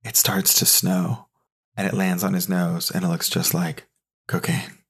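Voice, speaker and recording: Low-voiced man hosting comedy podcast. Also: flat delivery, measured pace, vocal fry, a bit bright, breathy edge. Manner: dry, quizzical, recapping. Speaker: podcast host. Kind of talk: casual comedic banter.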